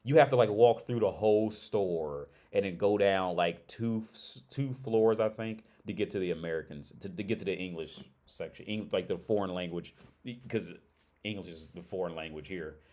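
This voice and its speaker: A man's voice: low-pitched, moderate pace, dark tone. A man hosting a casual livestream chat, rambling and restarting his phrases as he talks to viewers. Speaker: livestream host. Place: living abroad in Prague.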